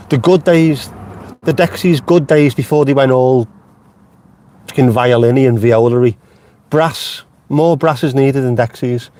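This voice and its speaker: A middle-aged man talks from his car in a casual live stream, rambling from one joke to the next. His voice sits at an ordinary middle pitch, and he swears freely. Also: a little mellow. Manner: chatty, swears freely, jokey tangents. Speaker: vlogger host. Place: inside a car.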